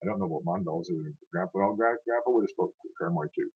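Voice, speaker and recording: Man, lowish husky voice, declaiming his own verse, then chatting loosely between poems; dull lo-fi recording. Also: fast talker. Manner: dramatic, declaiming recitation. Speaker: poet reading his own work. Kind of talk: poetry reading with chatty asides.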